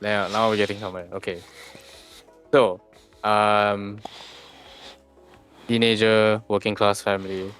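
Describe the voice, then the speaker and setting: Game master, male, low and smooth, casual and musing, faint music bed. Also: level tone, measured pace, long pauses, a bit bright. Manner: musing, hums filler syllables while thinking. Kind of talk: casual tabletop session chat.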